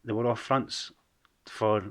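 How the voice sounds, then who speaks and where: Frank Edinburgh Scottish man, lowish voice. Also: steady tone, slow. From Scotland. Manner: frank storytelling, swears freely. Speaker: guest. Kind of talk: casual podcast interview.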